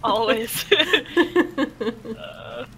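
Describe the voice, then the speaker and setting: A woman's voice: on the high side, level tone, very slow, gravelly, fairly bright tone, a little hiss or hum. A young woman playing a survival game with friends, chatting casually and letting out squeals when attacked. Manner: squeals and shrieks under attack. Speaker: let's-play gamer. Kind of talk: casual gameplay chat.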